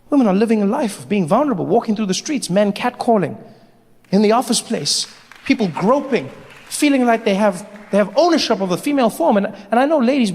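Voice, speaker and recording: A man doing stand-up comedy, animated and quick to jump into voices, on a stage mic in a large hall. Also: high voice.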